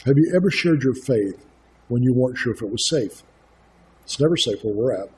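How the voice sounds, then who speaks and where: A man's voice: mid-range voice, animated, fairly quick, a little mellow, slight background noise. A middle-aged man, a guest speaker, preaching an earnest sermon full of stories and direct questions to the congregation. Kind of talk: sermon with storytelling.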